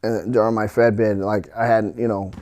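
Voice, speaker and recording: A middle-aged man, a podcast guest, telling a painful personal story in a halting way, full of restarts and fillers. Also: on the low side, little pitch movement, darkish tone.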